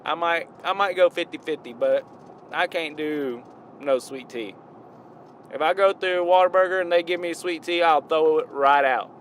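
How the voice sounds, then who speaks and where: A man with a Southern US drawl talks in a loose, rambling way, circling back and correcting himself. His voice sits a little high for a man. Faint street and vehicle noise hums in the background. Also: normal speed. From American South. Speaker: hip-hop reviewer. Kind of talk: casual rambling monologue.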